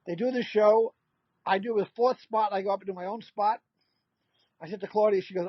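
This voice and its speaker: Animated older man telling comic stories. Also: high voice, fairly quick, long pauses, no room sound, muffled recording. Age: 60s. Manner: animated anecdote-telling, acts out quoted voices. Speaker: comedian guest. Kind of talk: storytelling in a casual interview.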